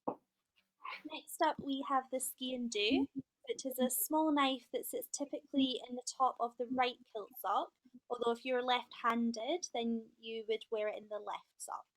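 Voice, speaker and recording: A woman's voice: on the high side, unhurried, rough recording. A woman co-presenting a live shop chat, reading a prepared explanation steadily and greeting viewers by name. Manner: steady, informative, friendly to viewers.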